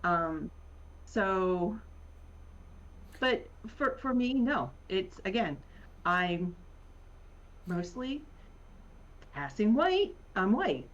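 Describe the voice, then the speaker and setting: A woman's voice: medium pitch, very animated. Casting note: woman, Virginia accent, easygoing guest on a video call, muffled lo-fi sound, lots of ums. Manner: rambling, many pauses and fillers, laughs often. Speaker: podcast guest. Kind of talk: casual conversation. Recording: muffled lo-fi audio.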